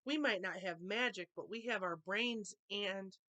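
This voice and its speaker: A woman voicing a clever, bold young female unicorn in a storybook read-aloud, speaking calmly and firmly. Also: mid-range voice, a little slow. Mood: planning. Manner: calm, confident, firm.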